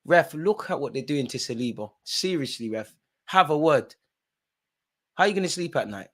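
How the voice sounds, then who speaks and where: Excitable young man reacting live. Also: a little high, brisk. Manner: animated, swings from muttering to shouting at the ref. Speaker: football watchalong streamer. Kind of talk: live match reaction commentary.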